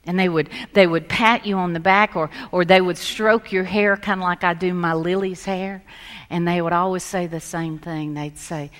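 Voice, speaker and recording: A woman pastor preaching a sermon, telling stories and moving between lively emphasis and hushed soft passages. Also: fairly low pitch, measured pace. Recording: long reverb of a large hall.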